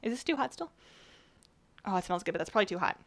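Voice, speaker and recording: A woman chatting casually while she bakes on a stream, rambling a bit, her voice slightly rough at the tail end of a cold. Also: mid-range voice, animated, quick pace. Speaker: baking streamer. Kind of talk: casual chat while baking.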